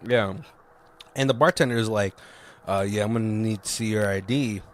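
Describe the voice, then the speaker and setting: A man's voice: lowish voice, moderate pace, a little hiss or hum. A man co-hosting a casual movie review podcast, retelling scenes with loose impressions and laughing often. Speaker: podcast co-host.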